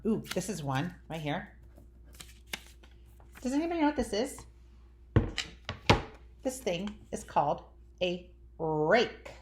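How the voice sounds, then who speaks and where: A woman teaching young children a phonics lesson in an animated, drawn-out sing-song teacher voice. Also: medium pitch. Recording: echoey room.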